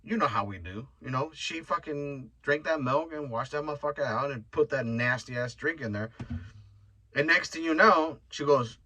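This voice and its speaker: Young guy podcasting solo, bright edgy voice, swears a lot, jokes around, rambles. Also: fairly high pitch, moderate pace, rough recording. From Mexican heritage. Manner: profane, joking, rambling storyteller. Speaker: podcast host. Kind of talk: casual solo podcast rant.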